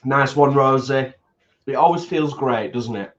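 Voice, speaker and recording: A man's voice: medium pitch, unhurried, dull audio, a little hiss or hum. A man co-hosting a casual eating livestream, chatting and rambling while reading out viewer comments. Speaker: co-host of a food channel. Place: home, eating at a table.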